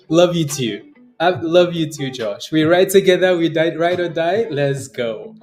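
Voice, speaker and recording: Slow-talking emotional livestream host. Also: male voice, fairly high pitch, lively intonation, darkish tone, faint music behind. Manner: emotional, laughing often, halting with many fillers. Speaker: day trading livestream host. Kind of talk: casual livestream chat.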